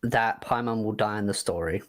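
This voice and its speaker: A man's voice: on the low side, moderate pace. A man, chatting as a guest on a live stream, sarcastic and crude. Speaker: guest co-host. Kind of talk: casual live-stream chat.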